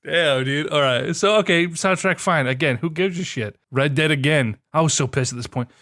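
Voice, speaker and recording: A young man co-hosting a casual podcast, sarcastic and swearing freely, with animated outbursts. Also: a little high, normal speed, no echo, studio quality. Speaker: podcast co-host. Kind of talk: casual chat.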